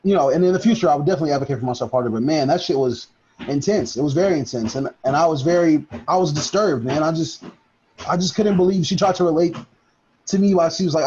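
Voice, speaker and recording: High-voiced young man, lo-fi sound. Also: quick pace, slight background noise. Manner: animated storytelling, swears often, laughs a lot. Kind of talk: casual chat. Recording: dull lo-fi recording.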